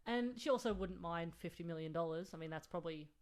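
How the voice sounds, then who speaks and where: A woman in casual podcast chat about a film, wry and joking as she riffs on ideas. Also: on the low side. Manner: wry, joking, quick to riff.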